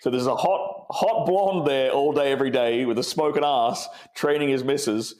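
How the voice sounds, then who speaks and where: A man's voice: mid-range voice, normal speed, darkish tone. A man hosting a podcast, talking frankly and plainly, often repeating words as he works out his point. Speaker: podcast host. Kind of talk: casual podcast conversation.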